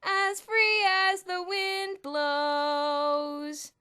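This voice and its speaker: A woman's voice: high-pitched, expressive, normal speed, faint music behind, pitched above the performer's own voice. A woman voicing a mischievous schoolboy who speaks with mock solemnity, intoning his lines.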